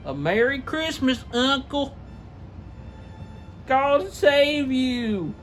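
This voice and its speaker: A man voicing a cheerful, eager young man in a comedic storybook reading, with a bright, pleading manner. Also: very high voice, sing-song, drawn-out words, faint music behind, voice pushed up, exaggerated voice.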